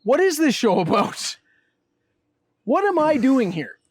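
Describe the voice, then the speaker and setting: A man's voice: very high-pitched, very animated, measured pace, a little hiss or hum. A man who works as a play-by-play announcer, a guest needling the host playfully in comedic banter outdoors. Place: outdoors in a backyard.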